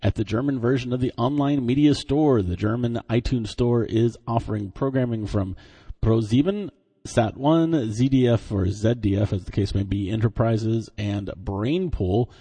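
A male podcast host reads tech news items and drops in wry, dry asides between them. His voice is mellow and soft-edged, with a slightly husky grain. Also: medium pitch, normal speed. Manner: dry, joking commentary between scripted items.

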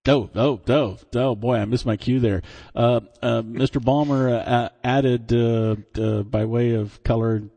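A man's voice: mid-range voice, fairly even intonation, measured pace, mellow. A man co-hosting a news podcast, reading tech stories and adding dry, joking comments. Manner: dry, joking commentary between scripted items.

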